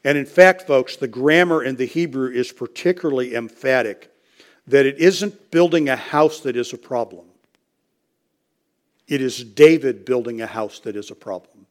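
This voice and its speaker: Male preacher, mid-pitched voice, emphatic sermon delivery that repeats points for weight. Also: normal speed. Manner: emphatic, repeats key phrases for stress. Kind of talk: expository sermon.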